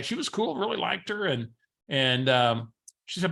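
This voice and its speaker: A man's voice: on the high side, lively intonation, fairly quick, creaky, sharp tone. A man presenting a coaching webinar as host, telling stories energetically with frequent filler sounds. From San Antonio area, Texas.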